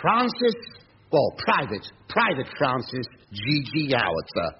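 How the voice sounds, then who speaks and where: A man's voice: mid-range voice, wildly swooping pitch, a little slow, noisy background. A man hosting a radio comedy show, talking in a flustered, chatty way, full of stammers and asides to the audience. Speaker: comedian and host. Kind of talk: 1970s radio sketch comedy. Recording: dull old radio recording, loud studio audience laughter.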